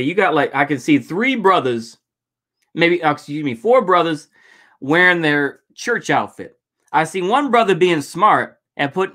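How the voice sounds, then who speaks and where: A man's voice: on the high side, pushed and bright. A man casually commenting on footage during a livestream, rambling and swearing with lots of fillers. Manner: rambling, profane, many fillers. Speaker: streamer reacting to protest footage.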